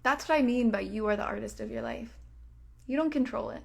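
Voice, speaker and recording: A woman in her thirties gives a motivational podcast monologue in a slightly high voice. She talks casually and bluntly, with plenty of filler words and swearing. Now and then she drops to a soft near-whisper to press a point home. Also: huge pitch swings, a little fast, creaky. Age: 30s. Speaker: podcast host and coach.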